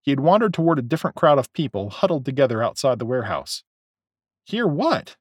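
A man narrating a novel as an audiobook, in a measured, expressive storytelling way. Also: mid-range voice, breathy edge, no room sound. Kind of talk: scripted narration.

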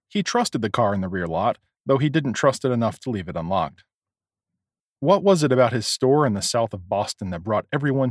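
A man's voice: medium pitch, no room sound. Man reading a story aloud, lots of ups and downs, dry mic. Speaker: narrator. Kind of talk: audiobook narration.

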